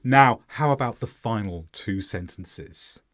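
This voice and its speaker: A man teaching English pronunciation in a clear, deliberate explaining voice-over. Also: lowish voice, a bit bright.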